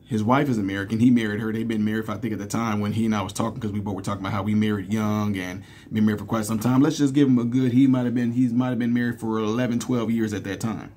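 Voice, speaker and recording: A man's voice: on the low side, steady tone, fast, hardly any pauses, a little mellow. A man in his thirties talking casually to viewers in a commentary vlog, telling stories with fillers and laughing often. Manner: conversational, storytelling, laughs often, many fillers. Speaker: commentary vlogger.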